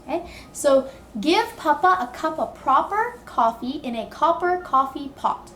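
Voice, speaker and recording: A woman teaching English pronunciation, drilling words with slow, deliberate, exaggerated enunciation. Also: sits high, animated, a bit bright, roomy sound, a little hiss or hum.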